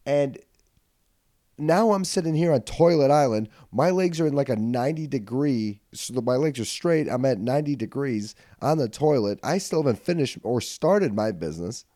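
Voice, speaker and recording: A man hosting a podcast, telling a comedic story in casual chat. He swears freely, laughs as he goes, and swings from low mutters to loud outbursts on a studio mic. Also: normal speed, no room sound. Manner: animated, swings from mutters to yelling. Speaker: podcast host.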